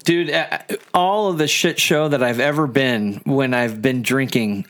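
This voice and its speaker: A man's voice: mid-range voice, measured pace, fairly bright tone. A man in casual chat, mostly giving short reactions and laughing along. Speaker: podcast co-host.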